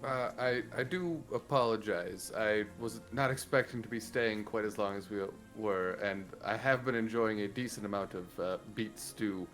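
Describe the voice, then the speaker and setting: Brief: fairly low, bright-voiced man, hesitant tabletop player, faint music behind. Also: normal speed, few pauses. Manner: hesitant, with fillers; polite when in character. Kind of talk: casual tabletop role-play.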